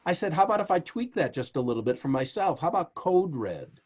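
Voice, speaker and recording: A man's voice: on the high side, quick pace, hardly any pauses, lo-fi sound. A man being interviewed as an author, telling stories emphatically and speaking straight to the host. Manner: animated, emphatic storyteller who addresses the host directly. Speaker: author guest. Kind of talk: interview storytelling.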